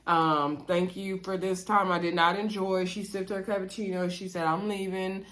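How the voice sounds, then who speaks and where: A woman recapping a reality dating show in a chatty, animated way, retelling scenes and talking to her viewers. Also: mid-range voice, normal speed. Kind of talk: casual recap chat.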